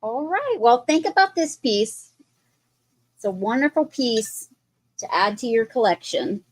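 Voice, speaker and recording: A woman's voice: fairly high pitch, very animated, a little slow. A woman hosting a live online sale, describing a piece of pottery in chatty detail. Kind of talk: live sales presentation.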